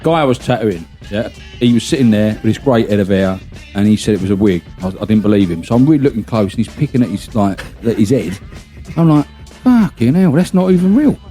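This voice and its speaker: A man's voice: on the low side, fast talker, warm tone, soft background music. A man hosts a podcast, telling a long anecdote in casual chat, swearing freely and laughing as he goes. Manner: chatty, swears freely, laughs through his stories. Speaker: podcast host.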